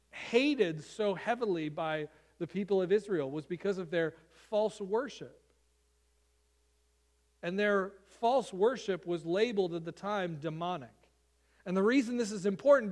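A man preaching a sermon, reading scripture aloud and then explaining it in an earnest, emphatic way that keeps driving his main points home. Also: high voice. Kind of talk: sermon, Bible reading and teaching.

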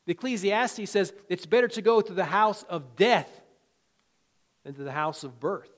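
A pastor with a high-pitched voice preaches at normal speed in a folksy, conversational style. He swings between loud, emphatic lines and quiet asides, chuckling as he goes.

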